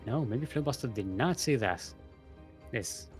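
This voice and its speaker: Male game caster, live commentary, chatty, filler-heavy, animated pitch. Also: moderate pace, soft background music. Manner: chatty, self-mocking, trailing fillers. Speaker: esports caster.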